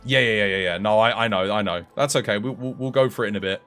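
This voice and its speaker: A British man streaming a game, chatting in a relaxed way with his viewers while tired and dry in the throat. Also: fairly low pitch, quick pace, faint music behind. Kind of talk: live game stream commentary.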